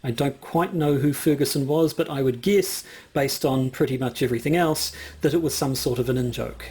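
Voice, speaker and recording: A man's voice: mid-range voice, normal speed, darkish tone, slightly rough. A man co-hosting a podcast, chatting casually with a rambling, hesitant way of talking, full of fillers and restarts. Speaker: podcast co-host. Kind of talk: casual chat.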